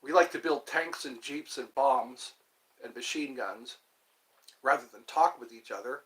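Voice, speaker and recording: Rambling male streamer, bright tone, wry and self-mocking, mid-pitched. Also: a little slow, rough recording. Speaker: livestreamer. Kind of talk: casual livestream monologue.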